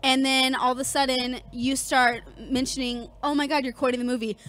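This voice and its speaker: A woman's voice: high-pitched, flat delivery, brisk, fairly bright tone. A woman co-hosting a podcast in casual chat, telling stories and quoting lines in playful voices. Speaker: podcast co-host.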